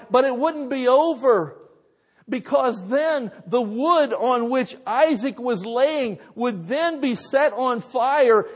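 High-voiced preacher with dramatic emphasis. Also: male voice. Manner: dramatic, emphatic storytelling with rhetorical questions. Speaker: pastor. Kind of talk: sermon. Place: church sanctuary. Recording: reverberant church hall.

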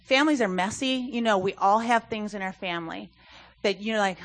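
A woman's voice: on the high side, normal speed, fairly bright tone. A woman speaking earnestly and conversationally at a church service, with frequent fillers as she talks. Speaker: youth ministry speaker. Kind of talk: sermon talk.

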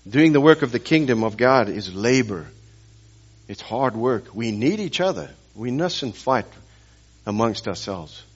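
A man's voice: mid-range voice, animated, a little slow, husky, dull audio. A man preaching a sermon as pastor, telling stories and pressing the congregation with rhetorical questions and emphatic repetition.

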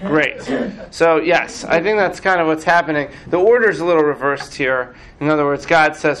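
Animated, chatty male rabbi teaching. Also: fairly high pitch, moderate pace, hardly any pauses, poor audio. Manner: chatty and animated, with restarts and asides. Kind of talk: casual classroom teaching.

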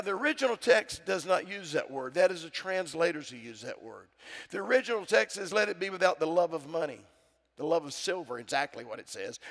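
A man's voice: high-pitched, creaky, fairly bright tone. A middle-aged man preaching a sermon, calling out to his congregation for responses. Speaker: pastor. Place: church sanctuary. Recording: church sound with long reverb.

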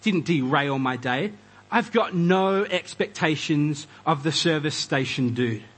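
A man preaching a conversational sermon, animated and acting out quoted voices. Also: fairly high pitch, a little slow, husky, low-quality recording. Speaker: pastor.

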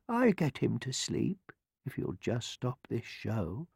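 Man voicing a hushed old woman, soft-spoken, kindly, storybook, dry close sound. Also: mid-range voice, wildly swooping pitch, slow, creaky, slightly rough, dry recording, full character voice. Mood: gentle.

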